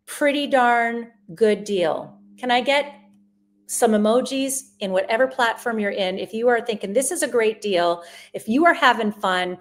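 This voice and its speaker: A middle-aged woman with a slightly high voice hosts a live shopping stream. She chats in an upbeat, rambling way as she pitches travel deals and answers viewer questions. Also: a little slow. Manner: chatty and upbeat, with frequent restarts. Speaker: livestream sale host.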